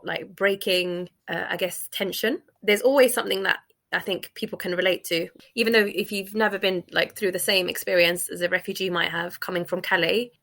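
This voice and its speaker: A young woman talks through her stand-up material in a casual interview. Her voice is bright and forward. She keeps it chatty and loose, with plenty of fillers and laughter running through her stories. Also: mid-range voice. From United Kingdom. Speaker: stand-up comedian guest. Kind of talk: casual interview, with comic set excerpts.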